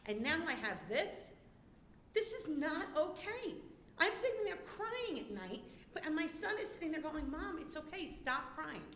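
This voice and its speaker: Woman, tearful parent at a public meeting, indignant and emotional, fairly high voice, echoey room, faint hum. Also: a bit bright. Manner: emotional, indignant, voice rising and cracking. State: upset, on the verge of tears. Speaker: parent speaking at public comment. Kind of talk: public comment at a school board meeting. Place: school board meeting room.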